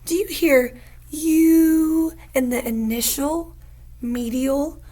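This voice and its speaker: A woman teaching a phonics lesson to young learners, patient and encouraging, stretching out each sound slowly. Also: high voice, dark tone.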